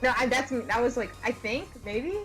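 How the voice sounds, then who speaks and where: A woman's voice: fairly high pitch, animated, normal speed, a bit bright, soft background music, poor audio. A woman streamer chatting casually and giggling while playing a game with a friend. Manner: giggly, rambling, swears. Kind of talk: casual let's play chat.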